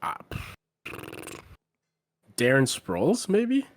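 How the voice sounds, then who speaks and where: A man co-hosting a podcast, trading quick jokey reactions in casual chat. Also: mid-range voice, huge pitch swings, dry recording. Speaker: podcast co-host.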